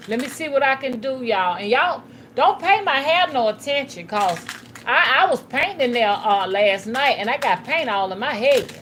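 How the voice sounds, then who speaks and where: A woman's voice: medium pitch, noisy background. A woman, rambling and chatting casually to her viewers during a live stream while she works, with some cussing. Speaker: spiritual reader hosting a live stream.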